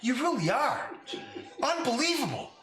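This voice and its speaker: A man's voice: very high voice, lively intonation, slow pace, pushed and bright, pitched above the performer's own voice, full character voice. A man voicing a shape-shifting woman who turns from a little girl into a furious, cursing adult, ranting and mocking in a tabletop game. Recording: echoey room, faint noise.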